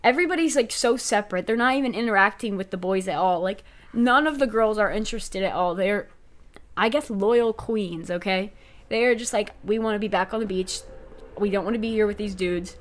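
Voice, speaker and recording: A woman's voice: mid-range voice, brisk. A young woman co-hosting a podcast, recapping a reality show in casual, chatty talk full of fillers. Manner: chatty, filler-heavy, animated retelling. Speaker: podcast co-host.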